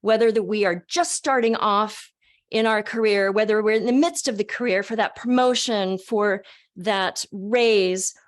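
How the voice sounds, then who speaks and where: An older college teacher and speaker talks at a measured pace in a medium-pitched voice. Her motivational talk over video call is animated and expressive, with frequent sentence restarts.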